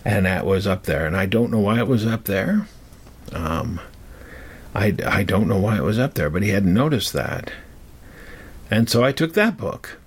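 A man telling a personal story in a rambling, halting way, with frequent fillers and restarts. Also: fairly low pitch, expressive, breathy edge.

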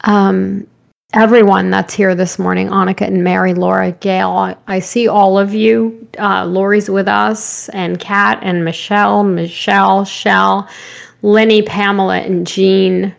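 A woman hosting a live-streamed spiritual talk, her voice slightly hoarse, rambling gently and greeting viewers by name. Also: medium pitch, flat delivery, unhurried. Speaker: spiritual show host.

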